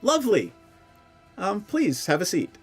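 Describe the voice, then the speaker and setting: A man's voice: high-pitched, wildly swooping pitch, unhurried, breathy edge, faint music behind, voice pushed up, heavily acted. A man voicing a polite male firbolg delegate in a tabletop game, speaking formally and courteously.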